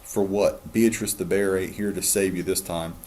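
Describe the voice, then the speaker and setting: A man voicing a boorish teenage bully who talks in a gruff, mocking way. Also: sits low, fairly even intonation, normal speed, darkish tone, slight background noise, lightly acted. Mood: threatening.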